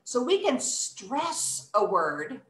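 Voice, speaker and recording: A woman's voice: fairly high pitch, wildly swooping pitch, slow, a bit bright, echoey room. A woman teaching an English workshop, speaking expressively and acting out emotions and word stress. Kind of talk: online English lesson for children.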